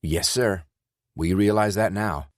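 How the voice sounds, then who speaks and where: A composed former soldier talks his way out of trouble politely and calmly, as a male narrator voices him. The voice is deep, lifted only a little, and recorded dry and close. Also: measured pace, dry recording. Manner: calm, polite. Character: calm male ex-soldier adventurer, steady and in control.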